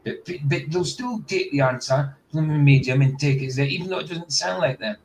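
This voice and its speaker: A man's voice: a little high, fairly quick, crowd noise, rough recording. A man hosting a casual reaction stream, bluntly skeptical and firing off rhetorical questions. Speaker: host.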